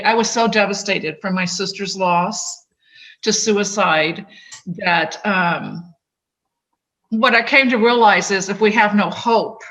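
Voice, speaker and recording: Slow-spoken woman with a bright voice. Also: medium pitch, poor audio. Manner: slow, halting speech with many fillers and restarts. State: tearful, voice breaking. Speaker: podcast guest. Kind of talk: emotional interview conversation.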